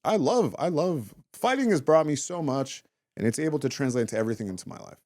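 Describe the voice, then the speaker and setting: A man in his thirties, a former fighter turned comedian, chatting as a guest and telling animated stories full of swearing and acted-out quotes. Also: a little high, fast, no echo, clean studio sound. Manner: animated storytelling, acts out quotes, swears often. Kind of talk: casual interview chat.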